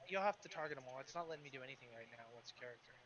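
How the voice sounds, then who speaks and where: A man playing in a casual online tabletop game, hurried and repeating himself when stuck. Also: medium pitch, animated, a bit bright, highs cut off. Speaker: player.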